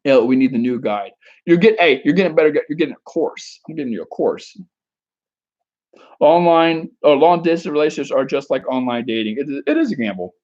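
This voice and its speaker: A man's voice: fairly high pitch, lively intonation, brisk, a little mellow, lo-fi sound. A man giving dating advice on a casual live stream, answering chat with rambling, crude jokes and frequent restarts.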